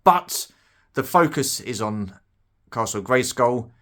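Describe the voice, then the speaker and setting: A man's voice: mid-range voice, expressive, slow pace, fairly bright tone. A middle-aged British man chatting casually about his toy collection, rambling and self-deprecating with plenty of fillers. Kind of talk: casual unboxing commentary.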